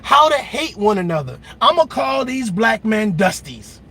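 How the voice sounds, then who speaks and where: High-pitched, bright, heated man ranting. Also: very animated, unhurried, breathy edge. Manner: loud, emphatic, mocking, repetitive. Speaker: reaction channel host. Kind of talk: heated reaction rant.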